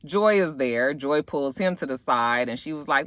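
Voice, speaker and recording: Woman, casual show recap, blunt and profane, lively pitch, bright voice, dry close sound. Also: moderate pace, few pauses, dry recording. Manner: animated, blunt, profane, laughs often. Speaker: YouTuber recapping a reality show.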